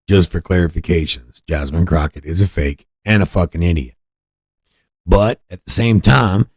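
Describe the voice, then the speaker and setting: A man's voice: low voice, darkish tone, no room sound, studio quality. A man hosting a podcast, giving blunt, profane political commentary in a ranting manner. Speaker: podcast host.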